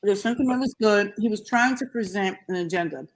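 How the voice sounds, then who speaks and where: A woman hosting a casual opinion chat, talking in a fired-up, animated way and acting out what others said. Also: medium pitch, a little fast. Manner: animated, fired-up, quotes people in mock voices. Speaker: host.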